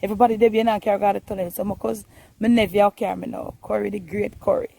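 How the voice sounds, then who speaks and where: A woman's voice: mid-range voice, fairly even intonation, very fast, vocal fry, warm tone. A woman with a Jamaican accent chatting casually to the camera on a phone while out walking in the countryside. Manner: chatty, coaxing, in Jamaican Patois. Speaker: vlogger. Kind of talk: casual vlog narration.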